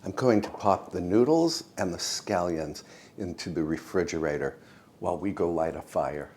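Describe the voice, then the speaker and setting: A man with a deep, animated voice narrates his own home cooking vlog, soft-spoken, unhurried and homey, addressing his viewers as friends.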